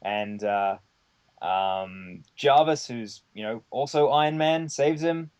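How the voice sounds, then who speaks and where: A man's voice: mid-range voice, slow pace, a little mellow, smooth, dull audio. A man who is a guest on a podcast, telling a rambling anecdote in casual chat, with lots of fillers and the odd swear word.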